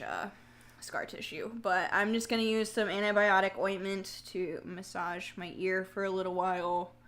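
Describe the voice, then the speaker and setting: A woman's voice: medium pitch, fairly bright tone. Chatty young woman streaming casually. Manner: chatty, reads out and answers viewer comments; laughs easily, jokey asides. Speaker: livestream host. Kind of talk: casual livestream chat.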